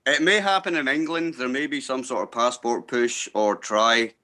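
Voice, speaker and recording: A man's voice: medium pitch, moderate pace, bright, forceful tone. A man in casual chat on a video call, easygoing and a little hesitant.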